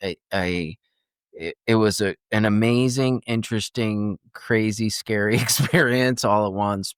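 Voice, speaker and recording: A man in his fifties tells a personal story as a podcast guest, chatty and animated, often restarting his sentences. His voice sits on the low side. The recording is dry, with no room echo. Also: clear, resonant tone. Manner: animated storyteller, loose and chatty, restarts often and acts out other people's words. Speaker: guest, transformational coach and former nurse.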